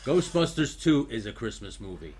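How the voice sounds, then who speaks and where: A man's voice: mid-range voice, big pitch swings, normal speed, loud music behind the voice. A man co-hosting a live show in crude, casual banter, laughing often and slipping into mock accents. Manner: laughing a lot, putting on joke accents.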